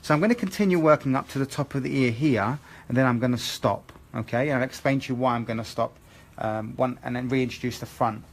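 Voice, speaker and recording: A man's voice: medium pitch, fast talker. British man teaching a haircut live. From England. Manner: explains steps methodically, asks okay?. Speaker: hair educator.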